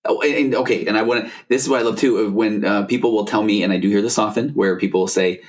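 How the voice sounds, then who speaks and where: A man's voice: lowish voice, fairly even intonation, quick pace. A middle-aged man, a therapist hosting a podcast, talking casually and rambling with lots of fillers and restarts. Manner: rambling, self-interrupting, frequent fillers. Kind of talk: casual conversational interview.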